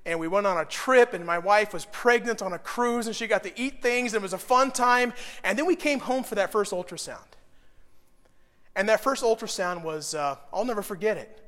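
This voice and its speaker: A middle-aged pastor preaches a sermon built around a personal story, his emotion swelling to loud, intense peaks. He has a high voice and a moderate pace, and he is speaking in a large hall.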